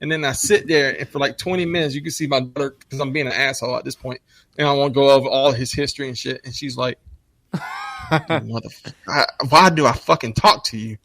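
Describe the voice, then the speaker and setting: A man's voice: medium pitch, fairly even intonation, fast talker, a bit bright, a little hiss or hum. A man co-hosting a podcast, telling rambling, profane stories full of restarts, with a slight speech impairment. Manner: rambling storyteller, frequent restarts, swears a lot. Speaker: podcast co-host, father. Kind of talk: casual profane chat.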